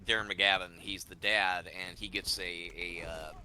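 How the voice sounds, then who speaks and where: A man's voice: sits low, steady tone, normal speed, bright, forceful tone. A man in casual gaming chat, rambling through stories with lots of fillers and restarts.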